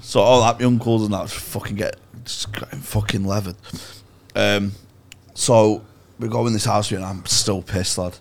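A man's voice: on the low side, steady tone, normal speed, gravelly. A young man telling a sweary, self-mocking story as a podcast co-host, laughing often. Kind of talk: casual storytelling chat.

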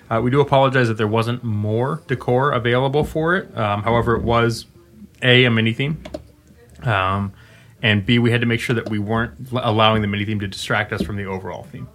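Bright-voiced man hosting a podcast. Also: medium pitch. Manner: upbeat, rambling with fillers, slips into announcer tone. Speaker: game developer podcast host. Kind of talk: casual podcast chat.

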